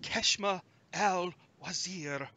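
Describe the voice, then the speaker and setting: A man's voice: high voice, slow, sharp tone, a little hiss or hum, heavily acted. A man voicing a ten-foot female earth genie, disoriented and aloof after centuries in a bottle. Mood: weary.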